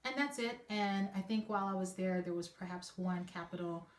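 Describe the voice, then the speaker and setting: A woman's voice: medium pitch, brisk. A woman co-hosting a casual conversation, rambling and hesitant as she talks things through. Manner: rambling, hesitant, many fillers and restarts. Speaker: podcast co-host. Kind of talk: casual chat. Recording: echoey room with faint noise.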